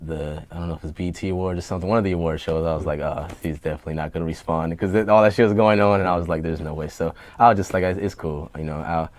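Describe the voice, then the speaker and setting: Deep-voiced man talking heated and loose. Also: racing, hardly any pauses. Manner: rambling, profane, gets heated and animated. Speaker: rapper and producer being interviewed. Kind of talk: candid casual interview talk. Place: home studio basement.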